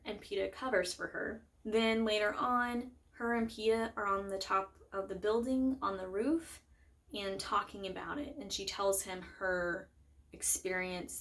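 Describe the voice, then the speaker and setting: A young woman with a medium-pitched, fairly bright voice chats casually about a book and its film adaptation. She's a book vlogger who rambles, filling her talk with fillers and correcting herself as she goes.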